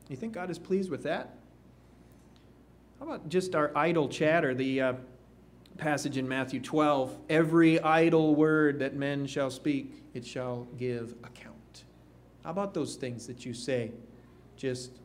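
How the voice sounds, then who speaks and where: A man preaching a sermon, slow and emphatic, with rising questions to the congregation. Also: fairly high pitch, slight background noise.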